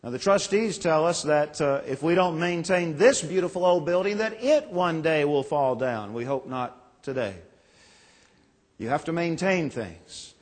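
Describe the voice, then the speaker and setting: A man's voice: fairly high pitch, animated, a little slow. Folksy preacher man in a big echoing church. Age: 40s. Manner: folksy, self-deprecating storytelling. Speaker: pastor. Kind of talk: sermon. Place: large church sanctuary. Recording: long reverb in a church.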